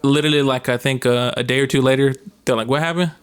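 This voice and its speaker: A man's voice: medium pitch, level tone, fast, clear, resonant tone. A young male podcast co-host in casual chat. He tells stories with energy, acts out quoted voices and laughs as he goes. His voice sits in an average range.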